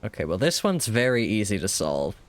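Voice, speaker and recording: A man's voice: lowish voice, very animated, a little fast. A man casually commenting on a game during a live stream, joking wryly, swearing freely and talking back to the characters.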